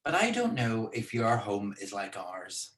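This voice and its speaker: A man's voice: on the low side, wildly swooping pitch, a little slow, fairly bright tone. A man hosting a casual live-streamed talk from home in a chatty, playful, teasing way. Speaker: co-host and speaker. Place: indoors at home.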